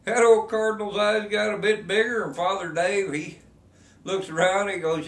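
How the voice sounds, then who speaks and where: A man telling a dirty joke in a folksy drawl, jumping into high voices for the people in it. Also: little pitch movement. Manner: folksy drawl, quick jumps into high voices for the quoted characters. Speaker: joke teller. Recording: echoey room from a distance.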